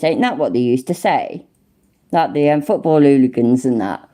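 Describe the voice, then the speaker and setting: A woman's voice: rumbling low, lively intonation, moderate pace, warm tone. A woman with an East Midlands accent, chatting casually and swearing on a livestream, greeting viewers and answering the chat. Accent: East Midlands English. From English Midlands. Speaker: livestream host.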